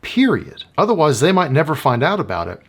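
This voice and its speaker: Animated Appalachian-accented man. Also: fairly high pitch, a little fast. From rural Appalachia. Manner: animated, acts out quoted lines. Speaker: psychologist. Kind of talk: scripted explainer video.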